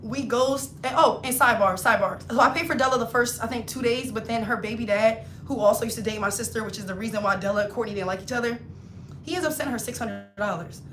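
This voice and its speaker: A woman livestreaming a casual storytime, animated and slangy, acting out her friends' voices as she talks. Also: a little high, fast talker, echoey room, soft background music. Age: adult, not in her twenties. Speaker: hairstylist livestreamer.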